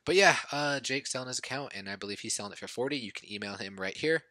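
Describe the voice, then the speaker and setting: Excitable male gamer with a bright voice. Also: medium pitch, fast talker, dry recording, studio quality. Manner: excitable, swings from mumbling to outbursts. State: coughing, short of breath. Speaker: gaming YouTuber. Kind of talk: casual game commentary.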